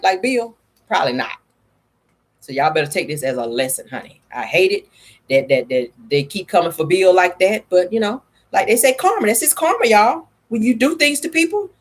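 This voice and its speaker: A woman vlogger chats sassily through celebrity gossip. Her husky voice is lively and swings up and down. She keeps calling her viewers honey. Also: mid-range voice. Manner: sassy, chatty, addresses viewers as honey and y'all. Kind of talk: casual gossip commentary.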